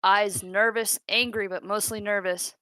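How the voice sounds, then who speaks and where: Bright-voiced woman, tense and pleading. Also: medium pitch, steady tone, a little slow, smooth, no room sound. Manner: tense and pleading in character, drops to near whispers. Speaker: player. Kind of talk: playing a tabletop game in character.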